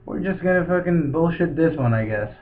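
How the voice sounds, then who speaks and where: A man's voice: on the high side, expressive, brisk, reverberant, distant mic. A young man on a casual group podcast, blunt and swearing. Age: young adult. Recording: dull, faint noise.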